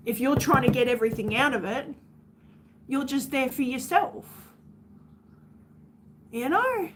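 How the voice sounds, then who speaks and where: A woman's voice: high voice, expressive, a little slow, background noise. An Australian woman chatting casually on her livestream, venting bluntly to her viewers and swearing freely.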